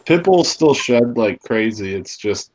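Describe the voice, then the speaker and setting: A man's voice: mid-range voice, lively intonation, measured pace, darkish tone, rough recording. A man in a casual chat, speaking matter-of-factly.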